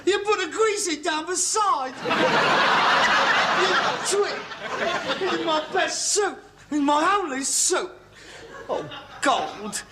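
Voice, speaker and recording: An actor playing a short-tempered, snobbish middle-aged son in a sitcom, full of theatrical outbursts. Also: male voice, extremely high pitch, very animated, slow pace, long pauses, very noisy, full character voice. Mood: furious. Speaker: sitcom character.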